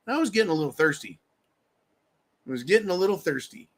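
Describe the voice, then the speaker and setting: A man's voice: sits high, lively intonation, quick pace, long pauses. A man hosting a live stream, ranting angrily with heavy profanity and thanking viewers for donations. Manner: angry, heavily profane. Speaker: livestream host. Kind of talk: political rant on a live stream.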